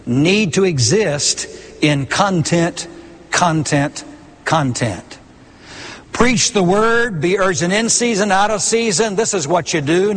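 A middle-aged male preacher delivers his sermon slowly and deliberately, leaning on repeated words for emphasis. His voice sits a little high for a man. Long reverb from the sanctuary trails behind every phrase.

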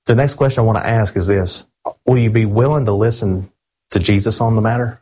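A man preaching an earnest, emphatic sermon, slowing down to read scripture aloud and calling his listeners friends. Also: lowish voice, dark tone, slight background noise, rough recording.

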